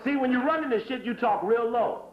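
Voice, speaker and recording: A man giving a fiery political lecture in a hurried, emphatic, profane way, repeating his phrases. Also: very high-pitched. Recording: dull lo-fi tape recording.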